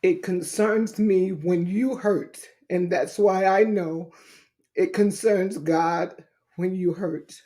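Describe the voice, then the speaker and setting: This talk show host and author has a warm, lowish voice with fairly even intonation. Addressing her audience as "baby" and "saints," she talks slowly and from the heart, like a preacher, about healing and her book.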